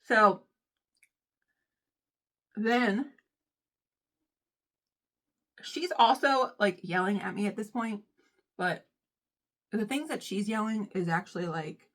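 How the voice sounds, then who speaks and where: A woman's voice: mid-range voice, slow, pauses often. Chatty, dramatic young woman vlogger. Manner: chatty and dramatic, swinging from loud outbursts to hushed, whispery asides; self-mocking. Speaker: storytime vlogger. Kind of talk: casual storytime chat.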